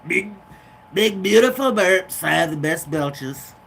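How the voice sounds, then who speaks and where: A man putting on the voice of a pompous older male politician who brags slowly in repeated superlatives. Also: sits high, animated, vocal fry, fairly bright tone, a little hiss or hum, voice pushed up, exaggerated voice. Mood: boastful. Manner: slow, drawn-out bragging with repeated superlatives.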